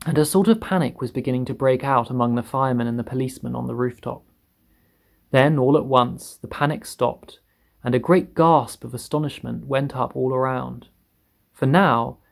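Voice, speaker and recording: A man narrating a children's story aloud, expressive and lingering on words for effect. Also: medium pitch, vocal fry. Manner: lively, expressive read with drawn-out emphasis.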